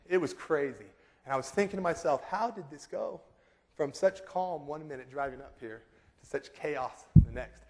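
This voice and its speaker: A man in his thirties preaching a sermon, telling a lively story and acting out quotes in high voices. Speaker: pastor. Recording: long reverb of a large hall.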